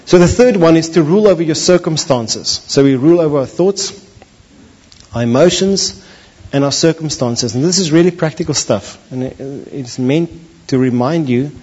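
A man preaches a sermon in a husky, slightly breathy voice, and he is animated, acting out the people in his stories. The recording sounds dull and lo-fi, with little crispness at the top. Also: mid-range voice, normal speed. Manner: animated, acts out voices of biblical figures. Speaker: pastor.

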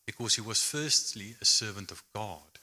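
A man's voice: on the low side, normal speed, bright, forceful tone. A man preaching a sermon in a conversational, emphatic way with light humor.

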